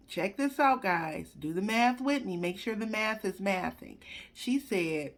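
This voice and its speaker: A woman speaking candidly to her viewers in a casual personal story, animated and swinging between soft and loud. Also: medium pitch, a little slow. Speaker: vlogger sharing her cancer journey.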